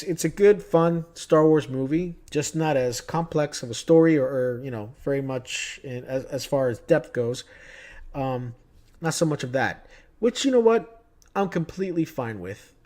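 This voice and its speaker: A man's voice: fairly high pitch, darkish tone. A man vlogging casually about movie news, chatty and opinionated, telling stories from his day. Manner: chatty, opinionated, tells anecdotes.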